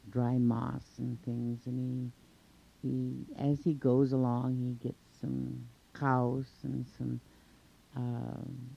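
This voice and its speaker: A man tells an old folk tale slowly, stringing events together with 'and' and gentle fillers. His voice is gravelly and husky at a middle pitch. The recording is dull and lo-fi. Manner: unhurried, chained with 'and', frequent fillers. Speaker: storyteller. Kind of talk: oral folk tale telling.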